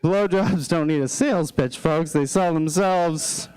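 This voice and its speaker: Rambling male stand-up, smooth dry voice. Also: measured pace, no room sound. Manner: loose, rambling storytelling with frequent fillers and restarts; jumps high and loud for exasperated quoted outbursts. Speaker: stand-up comedian. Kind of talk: stand-up comedy set. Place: comedy club stage.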